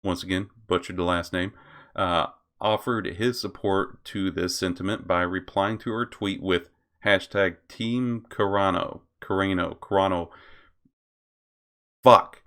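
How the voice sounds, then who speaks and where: Deep-voiced man reacting with laughs. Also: steady tone, unhurried, a bit bright. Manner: laughs often, swears, stumbles over names. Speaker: commentary channel host. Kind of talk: reading and commenting on posts.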